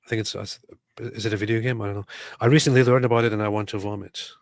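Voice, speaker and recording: A man's voice: lowish voice, fairly even intonation, very fast, no room sound. A man co-hosting a casual livestream, reading out chat messages with dry sarcasm. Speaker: livestream co-host.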